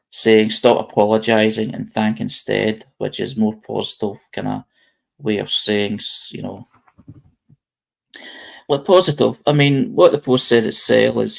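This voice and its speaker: British male host, very gravelly voice, casual rambling live-chat delivery. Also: lowish voice. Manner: rambling, reads posts aloud with frequent restarts.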